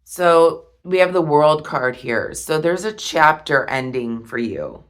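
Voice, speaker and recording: A woman reading tarot cards, talking slowly and softly with heartfelt pauses. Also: sits low, sing-song. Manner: slow, soft and heartfelt, with pauses. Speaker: tarot reader.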